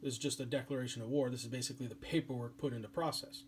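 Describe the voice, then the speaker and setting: A man's voice: medium pitch, fairly even intonation, racing, a little hiss or hum. Casual male history teacher lecturing. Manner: casual, chatty, filler-heavy. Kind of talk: classroom lecture.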